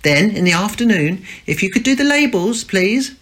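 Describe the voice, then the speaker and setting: A man voicing a brisk female office manager who hands out tasks politely. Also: medium pitch, very animated, pitched above the performer's own voice. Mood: instructing.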